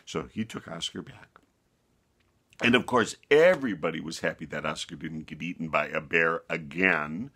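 A man reading a bedtime story aloud to children with a moral at the end, animated and homespun, often turning to the listener with asides. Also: extremely low pitch, moderate pace, breathy edge.

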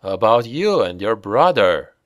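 A man reading the part of a dead father who returns, speaking slowly and gently like a patient old dad. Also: on the low side, sing-song, no echo, clean studio sound. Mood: calm. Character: calm, ghostly older father smoking a pipe.

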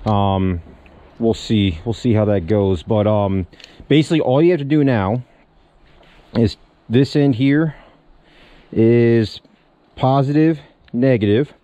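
A man in a casual how-to vlog, explaining step by step in a relaxed way while he works on his truck outdoors. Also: medium pitch, slow, long pauses, dry recording. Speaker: small business owner showing a truck equipment setup.

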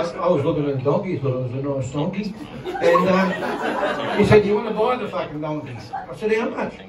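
A man's voice: on the high side, very noisy. A middle-aged Australian man doing crude, rambling stand-up comedy in a casino comedy room, swearing constantly and laughing at his own jokes. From Victoria, Australia. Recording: roomy live recording from a distance, loud crowd.

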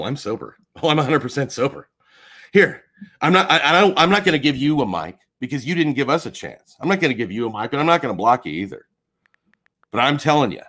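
Male streamer with an animated delivery, heated and cussing. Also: medium pitch, slightly rough. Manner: heated, profane, confrontational. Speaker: livestreamer. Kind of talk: live stream rant.

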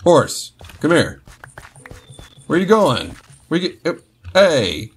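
This gaming channel host has a fairly high, sing-song voice that's slightly rough, and he takes his time. While commenting on his own play, he's casual and joking, pretending to say sorry to his game horse.

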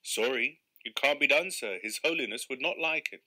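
A man voicing a polite, deadpan river keeper who answers curtly. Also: medium pitch, normal speed, slight background noise, rough recording.

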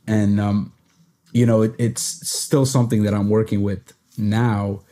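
A man's voice: fairly low pitch, little pitch movement, measured pace, mellow. A young man hosting a podcast, talking reflectively with many fillers and restarts. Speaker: podcast host. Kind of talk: reflective conversational sharing.

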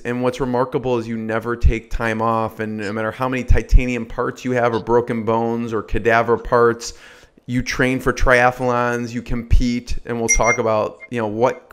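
A man's voice: medium pitch, smooth. Man hosting a casual interview. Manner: affirming, frequent backchannels. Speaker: interview host.

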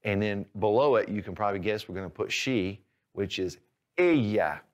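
Male language tutor. Patient, methodical explainer with a somewhat low voice. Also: steady tone, fairly quick, dull audio. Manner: patient, clear, step-by-step explaining. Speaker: language teacher. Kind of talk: instructional lesson.

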